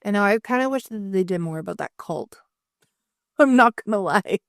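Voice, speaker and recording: A woman in her thirties co-hosting a podcast in casual chat, telling lively stories, playing other people's lines and laughing as she goes. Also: medium pitch, moderate pace, no room sound, clean studio sound. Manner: animated storytelling, acting out others with laughs and swearing. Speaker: podcast co-host.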